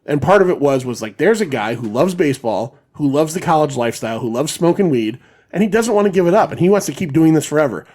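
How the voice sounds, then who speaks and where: A man's voice: a little high, animated, quick pace, a little mellow. Rambling, profane man hosting a film podcast. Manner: rambling, profane, restarts and laughs while retelling scenes. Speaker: podcast host. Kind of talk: casual chat about a film.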